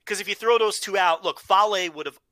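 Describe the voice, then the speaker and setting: A man with a very bright, forward voice talks through his argument step by step, steady and sure of his logic. The sound is dry and close, with no room around it. He carries the casual back-and-forth of a podcast co-host. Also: high-pitched, fairly quick, no room sound. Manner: analytical, makes his case point by point. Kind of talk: casual chat.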